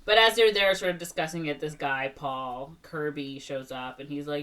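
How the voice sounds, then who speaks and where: A woman's voice: low voice, moderate pace, fairly bright tone, distant mic. A woman podcast co-host casually retelling a film's plot, rambling with lots of "like" and "um" fillers. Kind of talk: casual movie recap.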